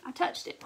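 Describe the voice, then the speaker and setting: A middle-aged woman with a thick Southern accent, chatting casually on a craft livestream and answering viewers' comments as she works. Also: slight background noise. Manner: chatty, reads out and thanks viewers' comments while working. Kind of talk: casual live crafting chat.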